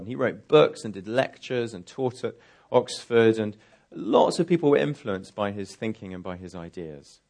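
A man's voice: mid-range voice, lively intonation, normal speed, gravelly, few pauses, darkish tone. A man giving a sermon as guest speaker, talking in a conversational, reflective way and posing rhetorical questions. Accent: distinctive accent he says is real. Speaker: guest preacher.

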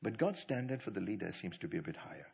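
A man preaching to church leaders, quizzing the audience and telling stories with animated delivery. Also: lowish voice, fast talker, gravelly, husky. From not from India. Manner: animated, asks the audience questions, laughs easily. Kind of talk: sermon.

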